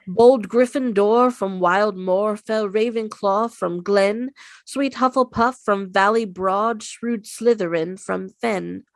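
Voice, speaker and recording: A woman voicing the ancient wise Sorting Hat, reciting a long rhyming poem calmly and slowly. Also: mid-range voice, dry recording. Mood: storytelling.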